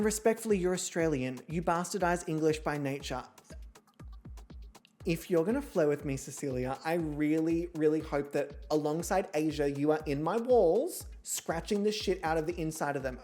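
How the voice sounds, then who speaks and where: A woman's voice: lowish voice, darkish tone. A woman streamer giving casual gameplay commentary from home, with sarcastic, profane, theatrical rants. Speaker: gaming streamer.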